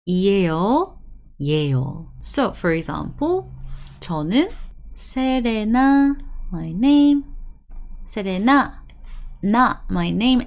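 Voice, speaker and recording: A young woman teaching an online language lesson, drilling words by repetition and checking in with "right?" as she explains. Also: medium pitch. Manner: animated, drills words by repeating them, asks "right?" often.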